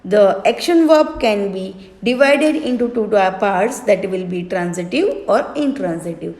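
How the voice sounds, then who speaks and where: A woman with an Indian English accent teaching English grammar, spelling words out letter by letter in a slow, deliberate way. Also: medium pitch, animated, darkish tone. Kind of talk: recorded grammar lesson. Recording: echoey room with long reverb.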